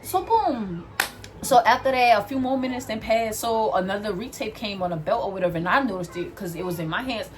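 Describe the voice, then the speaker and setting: A young woman vlogger telling a storytime from work while doing her hair, animated and acting out what people said. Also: mid-range voice, fairly quick. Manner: animated, acts out quotes, addresses viewers as y'all.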